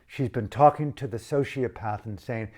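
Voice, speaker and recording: A man's voice: medium pitch, normal speed, darkish tone. An older man giving an impassioned activist monologue, fervent and rhetorical, building long repeated lists. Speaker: activist speaker.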